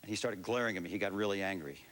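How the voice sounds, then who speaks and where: Man recalling stories in a lowish voice. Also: very fast. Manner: relaxed anecdotal storytelling. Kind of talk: interview reminiscence.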